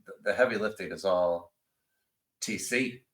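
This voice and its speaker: Man, podcast host, casual chat, low-pitched but bright, forceful voice, animated. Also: measured pace, rough recording. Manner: animated, enthusiastic, emphatic.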